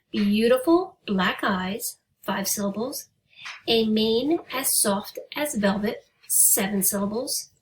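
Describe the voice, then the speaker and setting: A woman's voice: on the high side, fairly bright tone, a little hiss or hum. Patient woman teacher, slightly distant mic. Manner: slow, deliberate reading of example poems; patient, encouraging. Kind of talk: recorded remote writing lesson.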